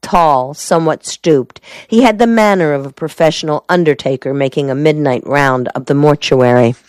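A woman narrating a crime novel in a measured storytelling manner. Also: low-pitched, darkish tone, no room sound. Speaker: audiobook narrator. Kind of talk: scripted narration.

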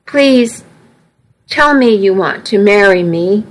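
Woman doing a worried man, gentle, pleading, audiobook. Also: medium pitch, lively intonation, slow, rough recording. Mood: worried, tender. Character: worried loving man, the groom.

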